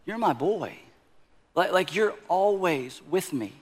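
A compassionate older father gently reassures his son, voiced by a man preaching. The tone is high and tender, echoing through a large reverberant hall. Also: unhurried.

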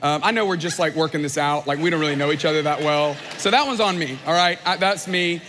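A pastor with a high voice preaches to his congregation, chatty and playful, dropping in jokes and silly voices. His words ring out with the long reverb of a large hall. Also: quick pace, fairly bright tone. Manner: conversational, joking asides, playful put-on voices. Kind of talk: sermon.

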